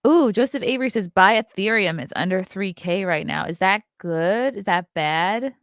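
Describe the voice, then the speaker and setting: A woman's voice: mid-range voice, lively intonation, moderate pace, a bit bright, dry recording, clean studio sound. A woman, hosting a casual live stream, chatty and profane as she reads out the chat. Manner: blunt, profane, chatty, laughs often. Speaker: podcast host reading live chat.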